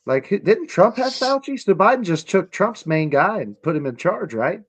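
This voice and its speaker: A man's voice: sits high, sing-song, moderate pace, crowd noise. A man arguing casually and with frustration, swearing and calling the other speaker bro. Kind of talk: casual heated argument.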